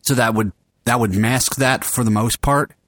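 A man's voice: mid-range voice, steady tone, normal speed, fairly bright tone, dry recording, clean studio sound. A man hosting a podcast table read, joking and laughing a lot as he talks through retakes. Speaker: podcast host. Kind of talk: casual table read with banter.

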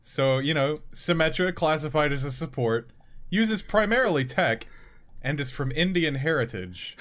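A man's voice: fairly high pitch, expressive, moderate pace, fairly bright tone. A young man co-hosting a casual gaming podcast, telling jokes in a loose, rambling way. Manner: joking storyteller, loose rambling delivery. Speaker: podcast co-host.

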